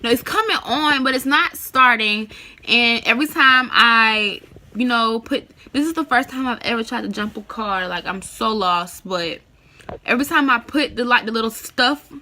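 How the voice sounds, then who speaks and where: Chatty young woman vlogging on her phone, kinda high and bright, rambles a lot. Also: normal speed. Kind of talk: casual vlog to camera. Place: outdoors by a parked car in the cold. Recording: loud street noise outdoors.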